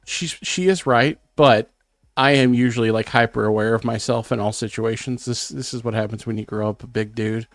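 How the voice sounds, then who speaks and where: A man's voice: medium pitch, steady tone, brisk, dry recording, studio quality. Self-conscious man co-hosting a podcast. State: sick, clearing throat. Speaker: podcast co-host. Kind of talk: casual chat.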